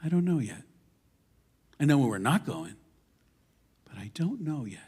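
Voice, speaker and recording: Impassioned man preaching, lively high voice. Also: unhurried, husky. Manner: impassioned, emphatic, swinging between loud declarations and quiet asides; conversational storytelling with self-deprecating humor. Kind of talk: sermon. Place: synagogue sanctuary.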